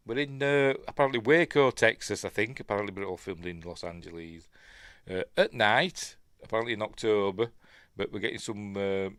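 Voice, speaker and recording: A middle-aged Yorkshire man talks through a film in a casual, meandering way, with a lowish voice that rises and falls a lot. He mutters little asides to himself and wonders aloud, heard up close in a dry, unechoing sound. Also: fairly bright tone, dry recording. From Yorkshire, England. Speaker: film review host. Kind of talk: casual film breakdown commentary.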